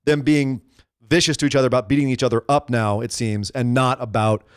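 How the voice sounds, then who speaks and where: A man co-hosting a casual wrestling podcast, talking excitably and rambling with frequent restarts. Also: medium pitch, quick pace, smooth, dry recording, studio quality. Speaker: podcast co-host.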